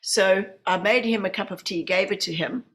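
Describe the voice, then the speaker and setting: A woman in her fifties with a New Zealand accent speaks in a mid-range voice at a moderate pace. She's a medium and hypnotherapist guesting on a podcast, animatedly telling personal stories and acting out the voices of people she quotes.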